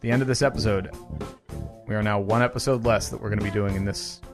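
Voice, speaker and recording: A man's voice: on the low side, fairly even intonation, over music. Wry joking male podcast host. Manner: joking, wry, lists show plugs briskly. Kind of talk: casual podcast banter.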